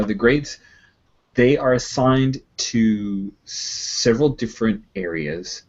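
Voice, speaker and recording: A man's voice: lowish voice, muffled recording. A man running a tabletop game, explaining the rules in a chatty, upbeat way with easy laughter. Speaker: game master.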